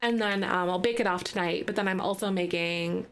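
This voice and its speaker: A woman streaming live, chatting casually with lots of fillers and bursts of excitement. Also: lowish voice, a little fast.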